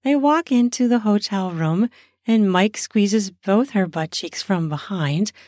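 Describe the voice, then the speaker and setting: A woman's voice: mid-range voice, measured pace, no echo, clean studio sound. Woman improvising an erotic story. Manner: lively, spontaneous, conversational.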